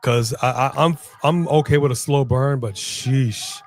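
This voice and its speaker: A man's voice: medium pitch, moderate pace, creaky. A man co-hosting a live wrestling watch-along, reacting with playful trash talk.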